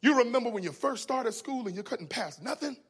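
A man preaching a sermon in an animated way, telling funny stories and swinging between loud exclamations and hushed asides. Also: extremely high pitch, brisk, husky. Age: adult with children. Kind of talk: sermon with humorous storytelling.

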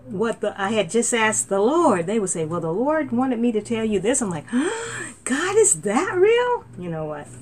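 A middle-aged woman preaching a sermon as a minister, talking loosely with fillers and restarts and rising to excited exclaims. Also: mid-range voice, a little hiss or hum. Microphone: laptop.

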